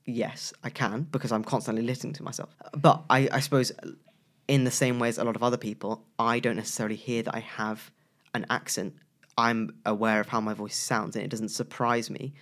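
A man co-hosting a casual chat about voices, lively and playful, with bursts of loud emphasis. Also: mid-range voice, fairly quick. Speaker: co-host, voice professional.

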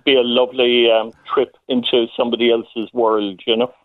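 A man, a playwright, talks thoughtfully about his play, pausing often and laughing now and then. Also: medium pitch, little pitch movement, dry recording. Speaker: playwright guest. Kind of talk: phone interview. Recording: tinny phone line.

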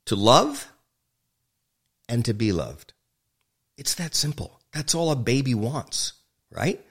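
A man's voice: medium pitch, very animated, slow pace, pauses often, slightly rough. A man, a film director, talking frankly and emphatically as a guest in an interview, swearing freely and joking. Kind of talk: candid interview conversation.

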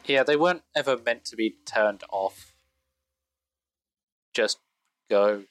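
A man's voice: mid-range voice, takes it slowly, dry recording. A man narrating as game master of a tabletop game in a matter-of-fact way.

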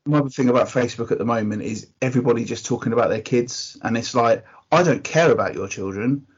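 An English podcast co-host chats casually, talking a lot, offering strong opinions and tending to rant. His mid-range voice is husky and fast, and the podcast audio is dull and lo-fi.

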